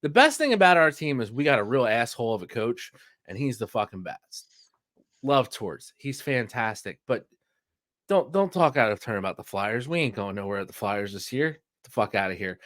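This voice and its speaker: A man's voice: medium pitch, big pitch swings, normal speed, a bit bright, no echo, clean studio sound. A man, co-hosting a podcast and ranting heatedly about sports with plenty of profanity. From Philadelphia. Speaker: podcast co-host. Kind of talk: casual sports chat.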